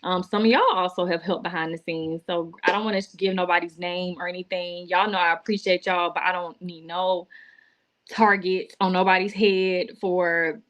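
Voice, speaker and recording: A woman's voice: lowish voice, flat delivery, normal speed, fairly bright tone. Woman, teary live-stream testimony to her viewers, casual and emotional. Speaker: vlogger going live. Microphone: laptop or phone.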